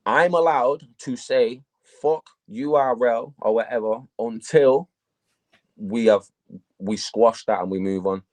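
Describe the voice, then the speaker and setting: A man, a battle rapper, telling stories in a casual interview, profane and animated. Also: medium pitch, takes it slowly.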